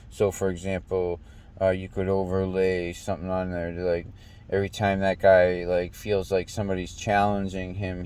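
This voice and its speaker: In a loose, profane rant, a young American guy rambles on, tripping over stammers and restarts along the way. His voice is deep, with a darkish tone.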